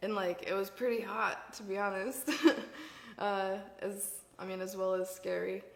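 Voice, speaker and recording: A woman's voice: mid-range voice, level tone, a little slow, gravelly, reverberant. A young woman guest telling a candid story, rambling with fillers and frequent giggles. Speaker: podcast guest. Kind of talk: candid storytelling, casual chat.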